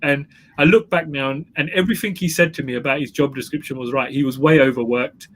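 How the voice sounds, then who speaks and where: A man's voice: mid-range voice, fast talker. A man who is a guest entrepreneur, telling his story in an emphatic interview style and repeating phrases for effect. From England.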